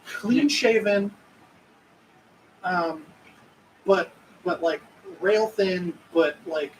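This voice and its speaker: A man's voice: sits high, extremely slow, recorded from a distance, a little hiss or hum, low-quality recording. A man narrating as game master, rambling and searching for words.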